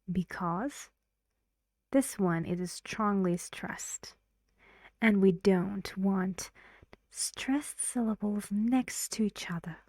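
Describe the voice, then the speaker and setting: Slow, patient woman teacher. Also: medium pitch, a little mellow, dry recording, studio quality. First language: Persian. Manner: patient, explains step by step and asks learners questions. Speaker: English pronunciation teacher. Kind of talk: online pronunciation lesson.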